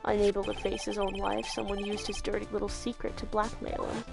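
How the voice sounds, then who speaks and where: A woman's voice: flat delivery, creaky, over music, natural voice. A woman voicing a cool, smug male prosecutor in a game read-through. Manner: low, slow, quietly mocking.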